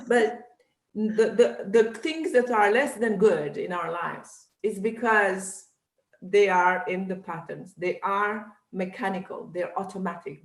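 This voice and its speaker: A woman therapist who is not a native English speaker, earnestly explaining her ideas on a video call and halting on repeated words. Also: medium pitch. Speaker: therapist guest. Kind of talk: casual chat. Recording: echoey room.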